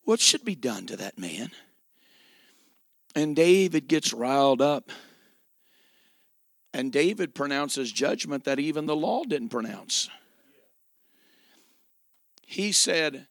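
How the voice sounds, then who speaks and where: A man preaching a sermon with emphatic delivery, dramatic pauses and repeated phrases. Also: medium pitch, very animated, no echo, studio quality.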